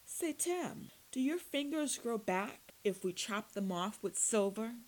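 A woman plays a strong male interrogator in a dark storybook reading, taunting his prisoner in a low sly growl that lifts into mock-friendly questions. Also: animated, a little slow, low-quality recording. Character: menacing male vampire hunter with superhuman strength.

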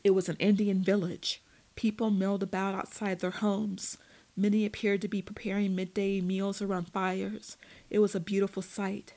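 A woman reading a first-person story aloud in a measured, steady storytelling manner. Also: mid-range voice, low-quality recording. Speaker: narrator. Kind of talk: first-person audiobook narration.

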